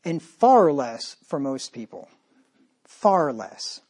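A man's voice: fairly high pitch, very animated, slow, a little mellow, slightly rough. A man preaching a sermon as pastor, talking straight to his listeners with emphatic repetition and rhetorical questions.

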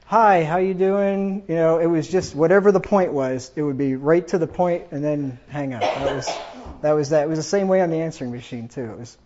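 A brisk, mellow, fairly high male voice comes through with slight background noise. The storyteller chuckles through casual, rambling family anecdotes, captured in dull lo-fi audio.

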